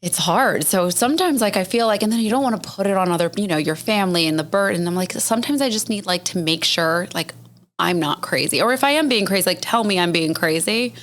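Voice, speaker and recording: A woman's voice: on the low side, animated, quick pace, a bit bright. A woman guest on a podcast who talks about business support in an earnest, reflective way. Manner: reflective, earnest, speaks through ideas aloud with restarts. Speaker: guest, business networking organizer. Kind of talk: casual conversational interview.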